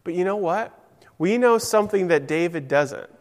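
Man, preacher, storytelling sermon, asks listeners questions, high-pitched, reverberant church hall. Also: animated, normal speed. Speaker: preacher giving a children's message.

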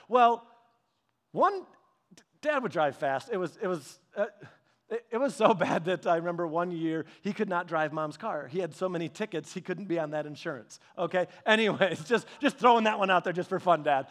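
High-voiced man telling a funny story. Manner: animated, humorous storytelling with frequent laughs and restarts. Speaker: pastor. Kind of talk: storytelling sermon.

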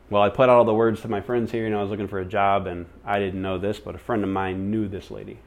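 Low-voiced male church speaker, lively storyteller who acts out the people he quotes. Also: fast talker, hardly any pauses. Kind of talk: sermon storytelling.

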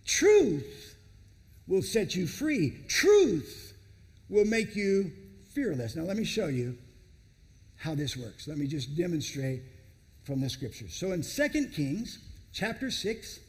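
A male pastor preaching a sermon in a dramatic, emphatic way, with long pauses for effect. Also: on the high side, big pitch swings, long reverb tail.

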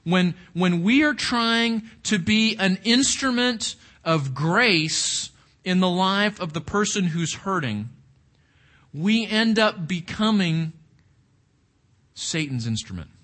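A man's voice: sits high, lively intonation, takes it slowly, a bit bright. A man leading an interactive Bible study, reflective, often asking the group questions and repeating words as he thinks.

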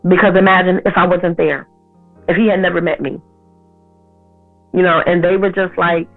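Woman, 30s, interview guest, personal storytelling, animated, gravelly, tinny lo-fi sound. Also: fairly low pitch, normal speed, soft background music. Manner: animated, acts out others' lines in her story.

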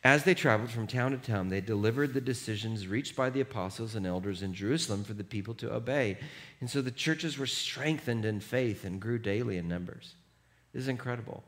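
A middle-aged pastor with a mid-range voice speaks a little fast in a jokey, animated sermon. He laughs at himself and gets the congregation to read along aloud.

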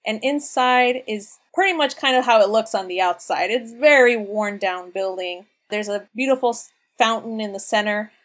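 A woman narrating as game master for a tabletop game, relaxed and chatty. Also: mid-range voice. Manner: relaxed, chatty, laughs often.

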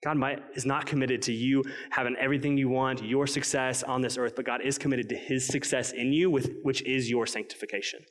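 A man preaching a sermon, earnest and emphatic, slowing down to stress key points. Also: medium pitch, fairly even intonation. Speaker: pastor. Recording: long reverb of a large hall.

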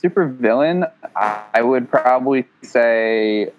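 Lively man on a lo-fi call. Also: mid-range voice, takes it slowly, slight background noise. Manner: playful, laughs often. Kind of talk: casual chat. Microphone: remote call line. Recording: lo-fi remote call audio.

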